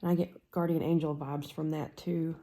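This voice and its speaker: A woman giving a pick-a-card tarot reading, musing slowly and trailing off into soft murmurs as she works through the cards. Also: low-pitched, flat delivery.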